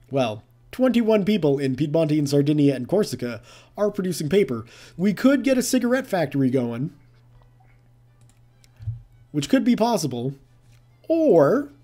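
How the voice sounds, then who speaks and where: A man talks through a strategy game in a relaxed, chatty way, thinking aloud and tossing in playful jabs. His voice is mellow and dark, and it rises and falls a lot as he goes. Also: on the high side. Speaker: gameplay commentator. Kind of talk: casual let's-play commentary.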